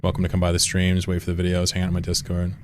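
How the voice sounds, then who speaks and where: A man's voice: low-pitched, completely flat delivery, rapid-fire, a little hiss or hum. A man chatting casually to his viewers during a live game stream at home, rambling and swearing freely. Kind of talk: casual live-stream chat while gaming. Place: room at home with a window.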